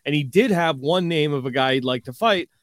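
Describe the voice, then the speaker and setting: A man co-hosting a sports talk show, speaking in a measured way with hesitant fillers. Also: fairly high pitch, animated, no echo, studio quality. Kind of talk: casual sports chat.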